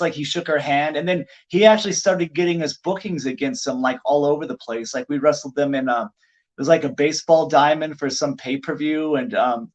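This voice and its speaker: A middle-aged man, a pro wrestler guest on a podcast, telling anecdotes in an animated, casual way with lots of "like" fillers. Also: a little high, brisk.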